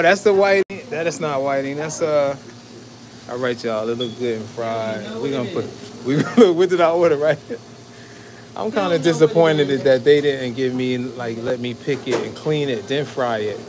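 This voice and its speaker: A man's voice: on the high side, normal speed, a crowd in the background. A man talking casually to his viewers while he films a food vlog at a fish market and by his truck. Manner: chatty, keeps addressing viewers as y'all. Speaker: food vlogger. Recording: loud background street and vehicle noise.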